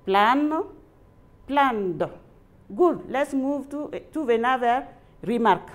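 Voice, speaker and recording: Very slow, dictating Malian woman teacher. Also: high voice, animated. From Mali. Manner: repeats each phrase slowly, as if dictating. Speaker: English teacher. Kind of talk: dictated grammar lesson.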